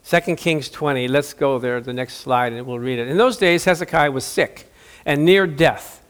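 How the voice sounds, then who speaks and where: A middle-aged man preaching a sermon in a lively, joking way, acting out the voices of Bible figures. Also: mid-range voice, normal speed. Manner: animated, jokey, acts out Bible voices.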